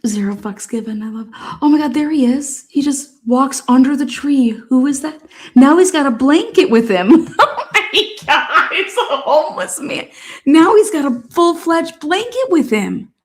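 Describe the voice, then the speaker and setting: A woman's voice: high-pitched, lively intonation, moderate pace, darkish tone. A woman hosting a trial commentary, reacting to courtroom video with constant swearing, laughter and outrage.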